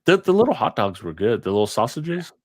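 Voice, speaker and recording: A man co-hosting a casual podcast chat, easygoing and quick to agree. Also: mid-range voice, sing-song, dry recording. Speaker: podcast co-host.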